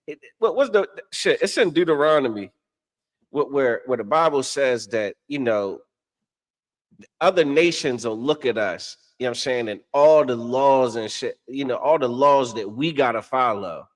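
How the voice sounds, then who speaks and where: A man, co-hosting a religious talk show, preaching in a casual, animated way and often asking "you understand?". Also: medium pitch, moderate pace. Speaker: religious podcast co-host.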